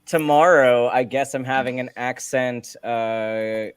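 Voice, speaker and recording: A man's voice: mid-range voice, slow pace, clear, resonant tone, dry recording. A man in a casual chat, telling light stories and laughing easily.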